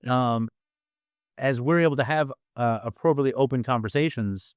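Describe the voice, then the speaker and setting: A man's voice: medium pitch, normal speed, clear, resonant tone, no echo. A man in his thirties, a father and podcast guest, speaking reflectively with many fillers and sometimes acting out his children's voices. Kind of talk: casual conversational interview.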